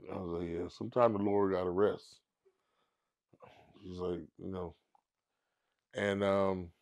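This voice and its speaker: Middle-aged comedian guy telling a story, gravelly low fry, doing everybody's voices. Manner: animated storyteller who acts out others in high squeaky voices. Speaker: comedian guest. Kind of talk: casual storytelling interview.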